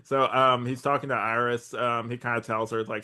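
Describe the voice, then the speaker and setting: A young man co-hosting a casual rewatch podcast, with a bright, forward voice and a mid-range pitch. He rambles through his points with plenty of likes and ums and breaks into laughter often. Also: flat delivery, normal speed, clear, resonant tone. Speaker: podcast co-host.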